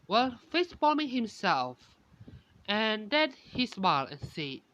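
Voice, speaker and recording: A woman's voice: mid-range voice, very animated, slow pace, fairly bright tone, slight background noise. A woman improvising a fan story aloud, hesitant and often stopping to correct herself mid-sentence. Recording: dull lo-fi recording.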